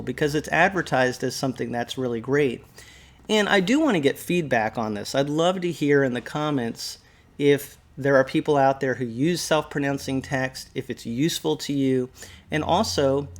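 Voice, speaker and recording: Guy hosting a casual explainer vid, middle pitch, laid-back and chatty, keeps asking viewers stuff. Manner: conversational and light-hearted, asks viewers questions. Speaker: video host discussing Bible pronunciation. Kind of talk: casual explanatory talk to camera.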